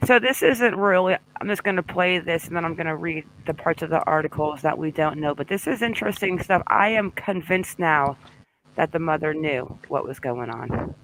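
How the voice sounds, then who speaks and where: A woman's voice: sits low, normal speed, fairly bright tone, slight background noise, poor audio. A woman hosting a casual live true-crime discussion, chatting and greeting viewers by name. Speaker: livestream host.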